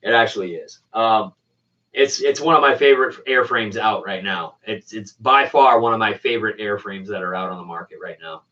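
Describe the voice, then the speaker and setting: A man's voice: fairly low pitch, moderate pace, pushed and bright. A man hosting a casual RC plane channel, chatting with viewers in laid-back slang. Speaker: RC plane hobbyist host. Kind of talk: casual chat, replying to viewers. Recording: distant, dull lo-fi sound.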